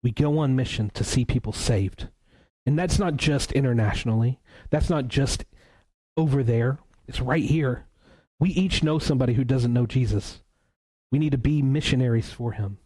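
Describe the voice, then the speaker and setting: Mellow-voiced man preaching a sermon. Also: medium pitch, rough recording. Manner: earnest preaching with emphatic repetition; reads scripture aloud slowly. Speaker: pastor.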